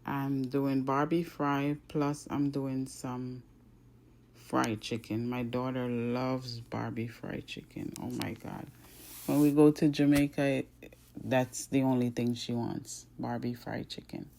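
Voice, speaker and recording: A woman's voice: extremely low pitch, flat delivery, slow pace, gravelly, dark tone. A woman hosting her own cooking channel, talking through each step in a chatty voice-over. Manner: chatty, step-by-step, starts lines with "so now". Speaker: home cook and channel host. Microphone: voice-over recorded apart from the video.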